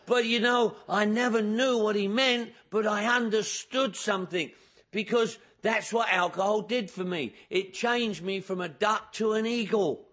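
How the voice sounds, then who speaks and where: At a recovery meeting, a man with a high voice tells his own story to the audience in an unhurried way. It's a humorous personal testimony: he acts out the dialogue, jokes about himself and makes a lively storyteller.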